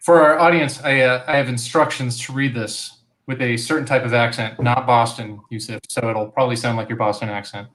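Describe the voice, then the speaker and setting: A man co-hosting a live podcast, relaxed, setting up bits with fillers. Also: mid-range voice, brisk. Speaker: podcast co-host.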